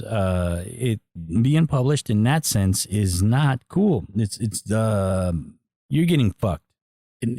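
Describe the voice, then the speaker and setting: A middle-aged man hosting a podcast, giving a blunt, profane, animated monologue. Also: medium pitch, dry recording, studio quality. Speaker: podcast host. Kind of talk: casual opinionated monologue.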